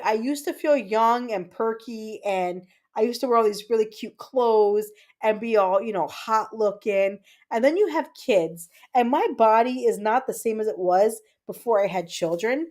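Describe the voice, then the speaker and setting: A woman's voice: fairly high pitch, normal speed, a little mellow. Chatty Puerto Rican woman in her thirties. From Puerto Rico. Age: 30s. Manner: chatty, reads out chat comments, frequent fillers and repeats. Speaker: livestream host. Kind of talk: casual chat with viewers.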